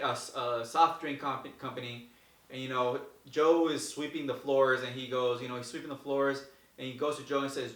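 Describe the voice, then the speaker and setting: A man giving casual, energetic advice to viewers as host, repeating himself and acting out the people in his stories. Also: mid-range voice. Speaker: host answering viewer questions. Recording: echoey room, mic far off.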